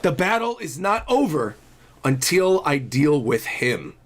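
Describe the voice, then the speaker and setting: A hulking tyrant dragon warlord, as a man puts him on while reading a manga aloud, slow and deliberate, dropping his voice into a low, drawn-out growl. He sounds menacing and sure of his power. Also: big pitch swings. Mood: commanding.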